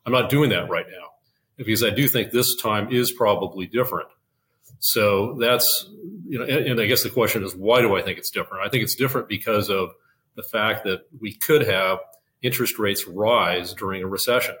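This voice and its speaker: An older man, a guest in a finance interview, explaining in a measured way with frequent fillers and restarts. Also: on the low side, a bit bright, a little hiss or hum, rough recording. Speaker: investment officer, guest.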